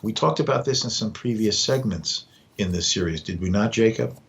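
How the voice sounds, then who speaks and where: A man, a professor and guest on a podcast, speaking in a measured, lecturing way with the odd halting restart. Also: fairly low pitch, gravelly. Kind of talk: podcast discussion.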